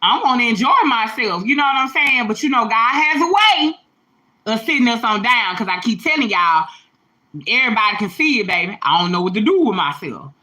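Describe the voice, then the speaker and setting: A woman, hosting a livestream and telling stories in an animated way, laughing, swearing and calling her viewers y'all and baby. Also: fairly high pitch, brisk, low-quality recording. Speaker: livestream host. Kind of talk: casual storytelling to viewers. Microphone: phone or webcam livestream.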